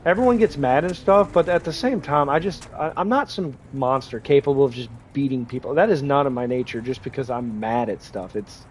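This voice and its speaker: A man's voice: medium pitch, expressive, brisk, hardly any pauses. A man in his twenties, stuffed up from draining sinuses, rambling frankly in casual livestream chat with lots of restarts. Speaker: streamer. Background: faint game vehicle noise.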